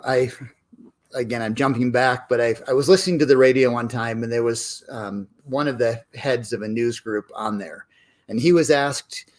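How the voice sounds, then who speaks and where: A man co-hosting a casual book club discussion, conversational and storytelling, acting out quoted headlines now and then. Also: mid-range voice.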